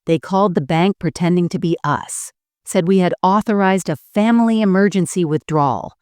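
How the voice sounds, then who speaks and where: A woman voicing a calm, steady husband who speaks firmly and grimly, in a dry recording. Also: on the low side, normal speed, clear, resonant tone, no room sound, natural voice. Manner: calm, unwavering.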